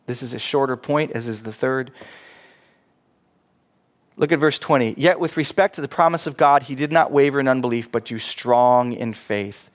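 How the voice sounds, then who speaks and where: A man preaching a sermon as pastor, animated, acting out quoted voices and laughing at himself. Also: mid-range voice, moderate pace.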